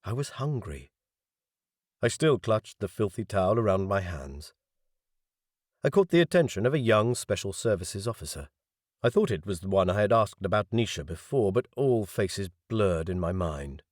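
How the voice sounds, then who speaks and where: A man reading a science fiction audiobook in first person, measured and wry. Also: lowish voice, very animated, no echo, studio quality. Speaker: audiobook narrator.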